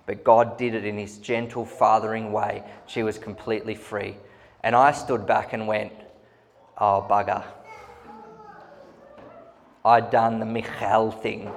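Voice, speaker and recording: A man's voice: fairly low pitch, gravelly. A man preaching a sermon, telling stories earnestly with humorous asides. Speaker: pastor. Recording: long hall reverb.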